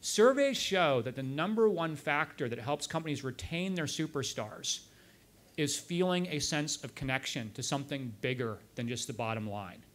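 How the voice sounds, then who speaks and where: A man's voice: fairly high pitch, normal speed. A man giving a talk at a club event, telling anecdotes and quoting the people in them. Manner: anecdotal, quoting others in lively asides. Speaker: guest speaker. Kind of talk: storytelling talk.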